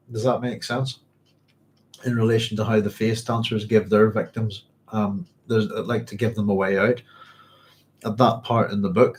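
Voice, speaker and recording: A man's voice: on the low side, darkish tone. A man hosting a book club, reading passages aloud and thinking them through as he goes, often saying "if you like.". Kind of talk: reading aloud and discussing a novel.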